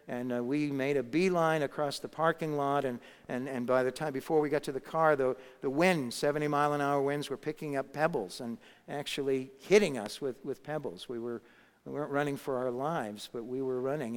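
A pastor with a smooth, slightly high voice preaches a sermon, telling a story that rises to emphatic peaks. A long hall reverb surrounds the recording.

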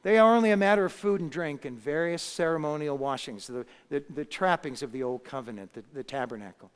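A man's voice: a little high, fairly quick, clear, resonant tone. A man preaching a sermon, telling a story and building to emphatic moments. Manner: storytelling, rising to emphatic peaks. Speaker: pastor. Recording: long hall reverb.

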